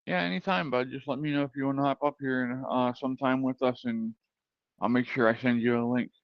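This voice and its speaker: A man's voice: medium pitch, brisk, no room sound. A man hosting a live stream, chatting casually with viewers and putting on an over-enunciated radio voice. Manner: relaxed, chatty, greets chatters by name. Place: home room with cats. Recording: dull, dry home mic sound.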